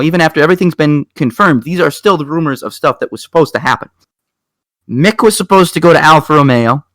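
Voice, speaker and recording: A man co-hosting a racing talk show, telling stories in a rambling, animated way with lots of restarts. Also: fairly high pitch, no room sound. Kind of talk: casual chat.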